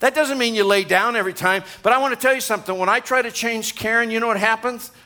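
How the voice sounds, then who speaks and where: A man's voice: extremely high pitch, fast talker, pushed and bright. A man in his sixties, a pastor, preaching a sermon to a congregation in a conversational way, with asides to the room. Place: church gathering.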